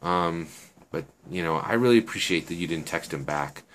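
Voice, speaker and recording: A man's voice: low voice, animated, normal speed, fairly bright tone, slight background noise. A man voicing Natalia, an upset but apologetic teenage girl, in a told story.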